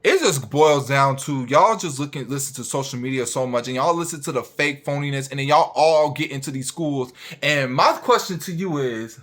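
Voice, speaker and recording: A man's voice: medium pitch, normal speed, few pauses, fairly bright tone. A young man, a registered nurse, ranting bluntly and profanely straight at his viewers.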